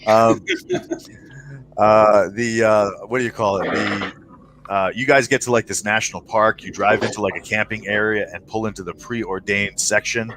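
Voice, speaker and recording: A man's voice: lowish voice, steady tone, measured pace, a bit bright. A man narrating a tabletop game as game master on a live stream, rambling with many fillers and restarts.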